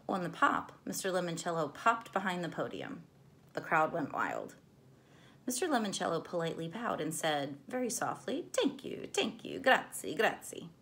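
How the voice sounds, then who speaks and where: A woman reading a chapter book aloud to children in a gentle, clear storytelling voice. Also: on the low side.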